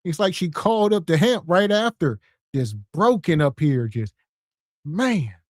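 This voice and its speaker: A man co-hosting a podcast who gives blunt, slangy reactions in a drawn-out delivery. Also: high-pitched, expressive, dry recording, clean studio sound. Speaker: co-host reacting to a clip. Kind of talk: casual podcast reaction chat.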